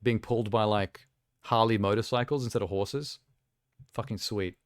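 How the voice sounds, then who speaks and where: A man's voice: on the low side, fairly even intonation, normal speed, no echo, studio quality. A young man live streaming, chatting casually and rambling with self-amused asides while reacting to trailers.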